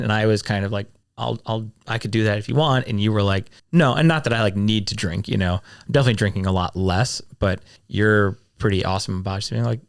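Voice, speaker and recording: A man in his thirties co-hosting a casual podcast, telling stories in lively bursts and laughing easily. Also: on the low side, creaky, no echo, studio quality. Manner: animated storyteller, quick bursts, laughs. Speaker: podcast co-host. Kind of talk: casual chat.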